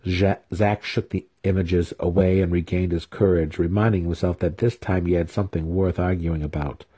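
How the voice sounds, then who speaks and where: A man narrating a fantasy novel in a steady, unhurried reading. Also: deep voice, husky. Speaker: audiobook reader.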